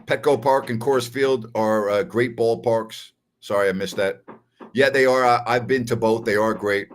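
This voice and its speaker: A man's voice: mid-range voice, fairly even intonation, normal speed, slight background noise. An older man hosting a sports talk show, chatting casually and telling stories while repeating phrases for emphasis. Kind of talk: casual live-stream chat.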